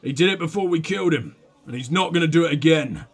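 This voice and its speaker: A man voicing a gruff, blunt, possessive tough guy in a detective game. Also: fairly high pitch, fast talker. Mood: defensive.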